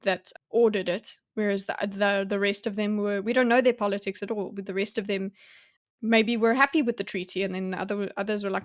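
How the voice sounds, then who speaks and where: A woman's voice: medium pitch, fairly even intonation, a little fast, dry recording. Musing woman with a dry close sound. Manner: musing, tentative, lots of hedging and backtracking. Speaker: book club co-host. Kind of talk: casual book discussion.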